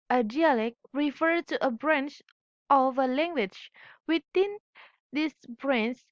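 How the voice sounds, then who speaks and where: Young woman student, first language Indonesian, high voice, slow halting read, dull dry recording. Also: no room sound. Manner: careful, halting, corrects her own slips. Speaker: student presenter. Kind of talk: reading a class presentation.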